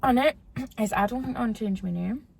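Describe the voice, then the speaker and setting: A woman's voice: on the high side, fairly quick, creaky, darkish tone, a little hiss or hum. A young woman with a Geordie accent, hosting a casual chat with her mother, laughing often and quoting people. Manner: chatty, laughs often, quotes people in voices. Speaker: host.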